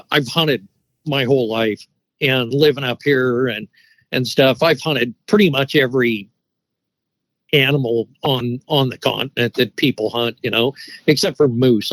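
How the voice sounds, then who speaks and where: A man's voice: medium pitch, normal speed, a bit bright, no echo, low-quality recording. Middle-aged man telling a rambling story. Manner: rambling, with many restarts and "you know" fillers. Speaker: guest telling an encounter story. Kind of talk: casual storytelling.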